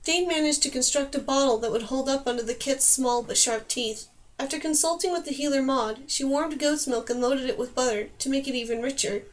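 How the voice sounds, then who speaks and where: A woman narrating a fantasy novel aloud in a steady, expressive reading. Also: sits high, brisk. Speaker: audiobook narrator. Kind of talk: scripted narration.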